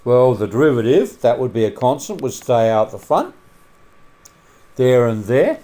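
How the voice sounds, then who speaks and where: A man teaching a maths lesson over a screencast in a relaxed way, with many filler sounds and questions put to the students. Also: medium pitch, normal speed.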